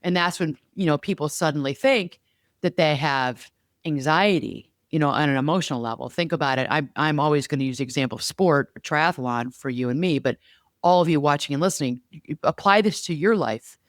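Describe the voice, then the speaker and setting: A woman co-hosting a podcast, telling stories in a lively, chatty way. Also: deep voice, brisk, dry recording, clean studio sound. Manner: animated storyteller, lively and chatty. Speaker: podcast co-host. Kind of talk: casual podcast conversation.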